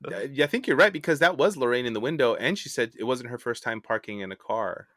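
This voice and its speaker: A man's voice: mid-range voice, animated, quick pace, fairly bright tone. A man co-hosting a podcast, joking playfully in casual chat. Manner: playful, jokey. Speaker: podcast co-host.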